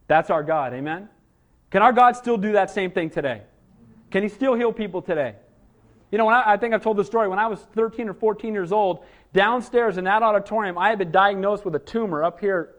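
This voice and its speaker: High-voiced man preaching a sermon. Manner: preaching with frequent "amen?" calls, swinging loud to soft. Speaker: pastor. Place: church auditorium.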